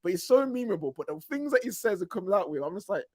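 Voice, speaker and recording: A laid-back young man hosts a fan podcast in a fairly high voice. He talks in loose slang with stumbling restarts, and the sound is close and dry. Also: very animated, fast, few pauses, a little mellow, no echo. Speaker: podcast host reading super chats. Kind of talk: casual podcast chat.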